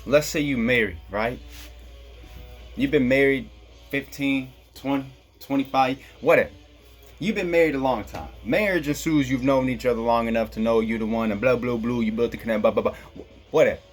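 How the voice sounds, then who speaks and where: Over soft background music, this man from Kansas talks at a normal speed in a mid-range voice. He's a vlogger with a Black American English accent, wandering through a profane, laid-back monologue and laughing at his own humor.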